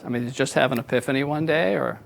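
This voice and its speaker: A man's voice: medium pitch, very fast, vocal fry, a little hiss or hum. A man hosting a podcast interview, friendly and hesitant, with many fillers. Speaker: podcast host.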